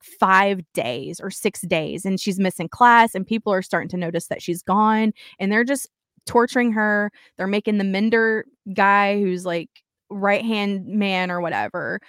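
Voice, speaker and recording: A woman's voice: medium pitch, moderate pace, no room sound, studio quality. A young woman co-hosting a podcast, chatting casually and animatedly about a novel, acting out the characters' lines as she goes. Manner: animated, acts out characters' lines while recapping. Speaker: podcast co-host. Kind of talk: casual book chat.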